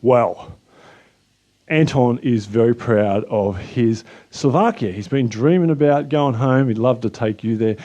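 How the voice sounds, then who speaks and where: Aussie guy hosting a bible talk, mellow easygoing voice, lots of uhs. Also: medium pitch, normal speed, hardly any pauses, lo-fi sound. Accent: Australian. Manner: relaxed, chatty, lots of uh and restarts. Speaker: host and Bible teacher.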